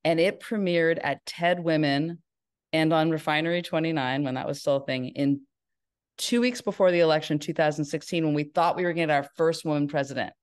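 A woman's voice: low voice, a little fast, clean tone. A middle-aged woman from Northern California, a filmmaker guest in an interview, telling her story in a rambling way with many restarts.

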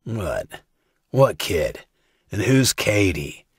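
A man voicing a big adult male villain who speaks low, quiet and placating while hiding his menace. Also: big pitch swings, extremely slow, husky, dry recording, studio quality, full character voice.

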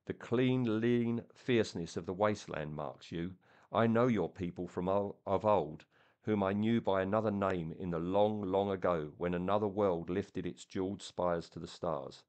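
A man's voice: deep voice, moderate pace, darkish tone, close to an everyday voice. A man voicing an ancient, blind, tortured male elephant-headed being who speaks in a pleading, faltering way. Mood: sighing.

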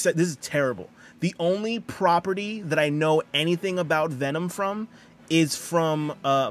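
Chatty male game streamer, slightly high voice. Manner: chatty, greets viewers and reads chat aloud. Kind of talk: casual live-stream chat.

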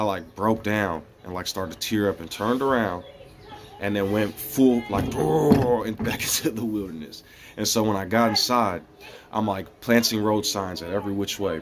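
A man in a casual spiritual monologue, rambling and earnest, often dropping to a soft hushed voice. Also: lowish voice, moderate pace, a little hiss or hum. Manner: rambling and earnest, with many fillers and restarts. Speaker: vlogger.

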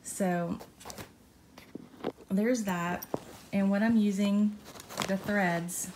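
Woman vlogger, slow warm rambling delivery, faint ambient hiss. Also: mid-range voice, fairly even intonation. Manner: rambling, with fillers and self-corrections. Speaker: cross-stitch vlogger. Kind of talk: casual show-and-tell chat. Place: condo balcony by the beach.

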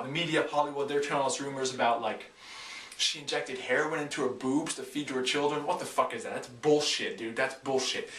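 A man's voice: medium pitch, a bit bright. A man in a worked-up, mock-serious rant, swearing freely and stumbling over fillers. He sits back from the camera mic, so his voice comes across distant and roomy. A faint hiss runs underneath. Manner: profane, agitated, halting with fillers.

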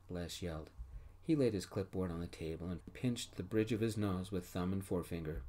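A man gently narrating a first-person story in a soft-spoken ASMR style. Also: deep voice, unhurried.

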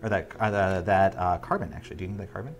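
A woman's voice: rumbling low, lively intonation, racing, faint music behind. A woman playing a board game on a livestream, chatting and explaining the rules as she goes. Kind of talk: casual game-night chat on a livestream.

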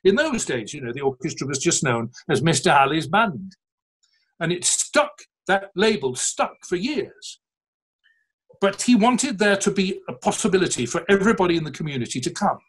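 Husky guy talking to an audience, tells it like a story, talks straight to the crowd. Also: fairly high pitch, big pitch swings, moderate pace, low-quality recording. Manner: storytelling, addresses listeners directly. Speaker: orchestra conductor. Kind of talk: public talk to an audience.

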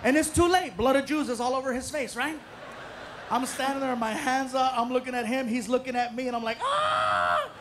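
Animated stand-up comedian telling a story. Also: male voice, extremely high pitch, a little fast, background noise. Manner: animated, does voices and shouts.

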